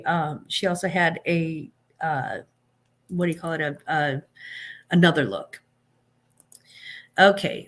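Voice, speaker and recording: A woman's voice: on the low side, a bit bright. A woman hosting a live stream, giving blunt, sarcastic opinions in casual chat, with many fillers and restarts.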